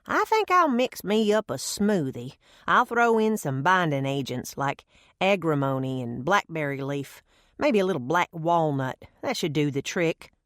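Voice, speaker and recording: A woman's voice: sits low, expressive, measured pace, a bit bright, no echo, clean studio sound. Woman putting on a folksy old granny. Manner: homespun, folksy phrasing. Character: folksy old grandmother, stubborn herbal-remedy lover.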